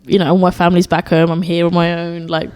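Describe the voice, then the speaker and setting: A woman's voice: fairly low pitch, monotone, fast talker, a little mellow, smooth. A young woman co-hosting a podcast, chatting casually with many restarts and fillers. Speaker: podcast co-host. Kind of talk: casual chat.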